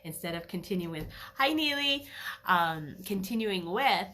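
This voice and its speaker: A middle-aged woman, an animal communicator, giving a chatty, animated solo talk with frequent laughs. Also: medium pitch, normal speed. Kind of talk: casual solo talk to camera.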